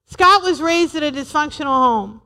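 A woman's voice: high voice, expressive, moderate pace, sharp tone, in a large hall. A woman in her forties preaching a sermon to a church, humorous and emphatic, repeating her points. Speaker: pastor's wife preaching.

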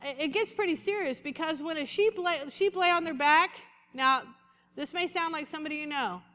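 A woman pastor delivers a sermon with lively energy, dropping low and slowing for quoted lines before climbing back up. Her high voice is bright and sharp, and a long reverb trails each phrase as though she's in a large hall.

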